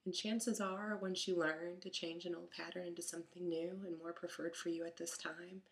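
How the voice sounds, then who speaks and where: A mother telling a story about her son in a chatty, animated way, acting out the lines of the people in it. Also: on the low side, normal speed. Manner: chatty, animated retelling with quoted dialogue. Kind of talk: casual storytelling monologue.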